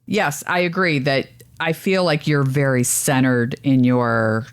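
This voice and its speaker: A woman's voice: extremely low pitch, a little slow, clear, resonant tone. A woman in her forties co-hosting a casual chat, talking in a chatty way, jumping in to clarify and telling stories. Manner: chatty, clarifying, animated storyteller. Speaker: podcast co-host.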